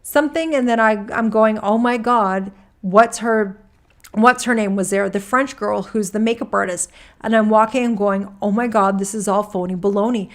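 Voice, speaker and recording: A woman's voice: mid-range voice, normal speed, close to an everyday voice. Rambly guy on the witness stand, casual, keeps restarting, read out by a woman. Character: rambling male witness giving deposition testimony. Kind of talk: reading a court transcript aloud.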